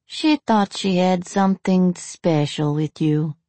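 A woman voicing a blunt, jaded saloon entertainer who speaks slowly and matter-of-factly. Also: fairly low pitch, mellow, dry recording. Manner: slow, matter-of-fact, weary compassion.

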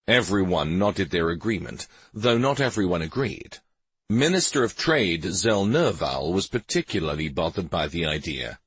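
Man reading a fantasy novel aloud, low husky voice, dry close sound. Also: sing-song, normal speed, no room sound. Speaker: audiobook narrator. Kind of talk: scripted narration.

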